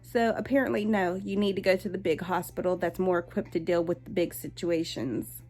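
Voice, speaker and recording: A woman's voice: on the low side, fairly even intonation, a little fast, a little mellow. A young adult woman vlogging, telling a personal story in a candid, conversational way with many fillers and restarts.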